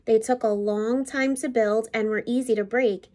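Principal, woman, storybook read-aloud for kids; expressive, teacherly. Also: on the high side, normal speed. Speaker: school principal. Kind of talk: reading a picture book aloud to children.

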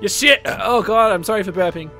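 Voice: medium pitch, a little fast, music in the background. A gaming channel host from Canada, chatting casually with friends while playing and groaning and swearing at the game. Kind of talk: casual gameplay chat with friends.

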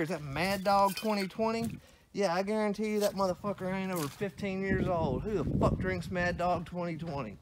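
A man's voice: high-pitched, slight background noise. Profane man ranting outdoors. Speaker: vlogger. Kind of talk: casual satirical vlog. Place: outdoors on a country roadside.

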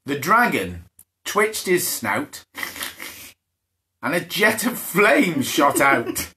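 Animated man reading a bedtime story. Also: drawn-out words, slight background noise. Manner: playful, laughing, voices the characters with big pitch jumps. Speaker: children's dance class host reading a bedtime story. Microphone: phone or camera for a live stream.

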